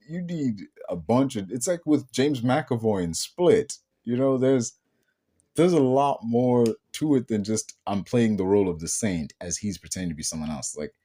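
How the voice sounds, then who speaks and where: Rambling man, mellow voice. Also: mid-range voice. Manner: rambling, many fillers and restarts. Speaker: podcast host. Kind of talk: casual film talk.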